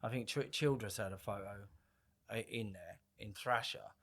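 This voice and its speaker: A man's voice: lowish voice, steady tone, moderate pace, a bit bright. A man in his fifties, a guest on a podcast, telling stories in a rambling, laid-back way with swearing and restarts. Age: 50s. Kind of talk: casual podcast chat.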